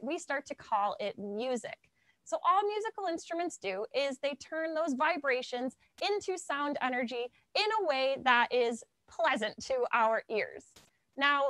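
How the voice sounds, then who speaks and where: A high-voiced woman leads an animated science lesson for kids, her pitch swinging widely as she explains and demonstrates. The sound is dry and close, with no room around her. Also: dry recording. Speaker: science educator. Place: science center.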